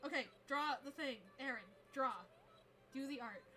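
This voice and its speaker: A young woman streaming live as a VTuber artist, chatting casually and gushing excitedly, laughing often and swearing now and then. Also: high-pitched, normal speed, a little hiss or hum. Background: faint music.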